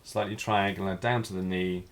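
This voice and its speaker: A man teaching a live figure drawing class, talking through each stroke as he draws, in a relaxed, thinking-aloud way. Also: low voice, moderate pace, slight background noise.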